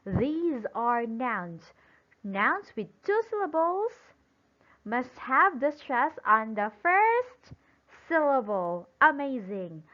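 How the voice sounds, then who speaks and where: A woman teaching an English lesson slowly and emphatically, pausing for imagined answers and praising them. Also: high-pitched, very animated. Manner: praising and drawing out example words. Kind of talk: recorded classroom-style lesson. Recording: dull lo-fi sound.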